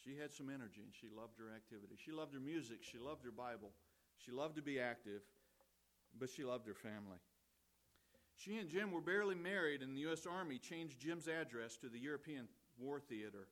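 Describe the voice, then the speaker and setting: A man delivers a funeral eulogy as the pastor, speaking at an everyday pitch. He talks in a conversational, storytelling way with gentle humor, and he circles back to key phrases for emphasis. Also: a little fast.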